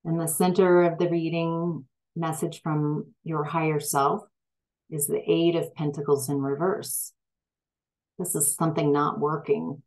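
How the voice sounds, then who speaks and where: Slow, hesitant low-voiced woman. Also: level tone, a little mellow, poor audio. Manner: slow, hesitant, with many fillers and restarts; gets emphatic when frustrated. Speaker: tarot reader. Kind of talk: tarot reading monologue.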